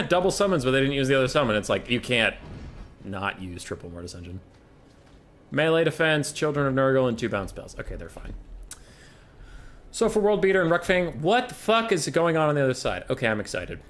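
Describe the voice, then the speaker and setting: A man chatting casually on a live stream as a game caster, ranting, with swearing and bursts of loud exasperation. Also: fairly low pitch.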